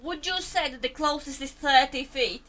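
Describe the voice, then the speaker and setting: Woman, tabletop player, high bright voice, direct questions. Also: moderate pace. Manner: direct, asks rules questions. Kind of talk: playing a tabletop game.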